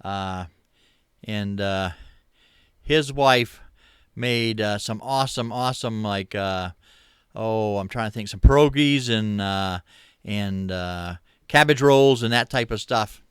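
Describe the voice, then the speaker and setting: A middle-aged man from Maine with a Maine accent, hosting a relaxed livestream chat with viewers, rambling easily with lots of fillers. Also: lowish voice, takes it slowly, clear, resonant tone, no room sound, studio quality. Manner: easygoing, rambling, many uh fillers, chuckles. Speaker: livestream host. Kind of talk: casual chat reading viewer comments.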